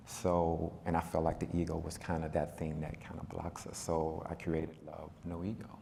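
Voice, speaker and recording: Deep-voiced man in an echoing hall. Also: moderate pace, vocal fry, slight background noise. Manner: relaxed and conversational, with frequent fillers. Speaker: panel speaker. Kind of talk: personal storytelling at a panel talk. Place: event hall. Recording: reverberant hall.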